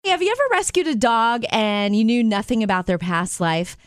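A woman co-hosting a casual chat show, upbeat and quick to laugh as she introduces stories. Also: fairly high pitch, expressive, dry recording, studio quality. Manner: upbeat, laughs often, teases co-host. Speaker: co-host.

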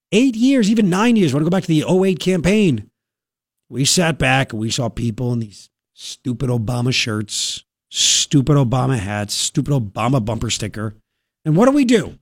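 A man's voice: mid-range voice, no room sound. A man hosting a talk radio show, ranting with sarcastic indignation into a studio microphone.

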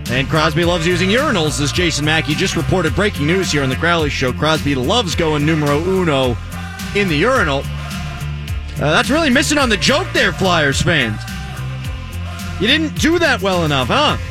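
A man hosting a sports talk radio show, sarcastic and animated, reading stats with mock drama in casual banter. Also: on the high side, moderate pace, music in the background.

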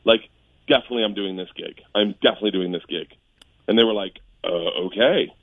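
A middle-aged man, a comedian, tells animated stories on a radio show, laughing and jumping high when he quotes people. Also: fast talker, no room sound, narrow, tinny audio. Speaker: comedian guest.

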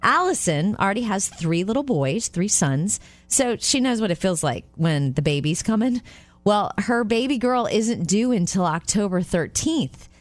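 A female radio co-host who chats brightly and laughs easily between stories. Her voice is dry and close to the mic. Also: medium pitch, animated, no room sound. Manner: bright, chatty, quick to laugh. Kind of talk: casual radio chat and story reading.

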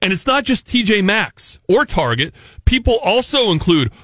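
A man hosting morning radio with a high, bright voice that swings widely in pitch. He teases and jokes in casual banter, close to the mic in a dry studio. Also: big pitch swings, normal speed, no room sound. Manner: teasing, jokey banter. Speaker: radio morning show host. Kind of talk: casual on-air chat. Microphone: studio microphone.

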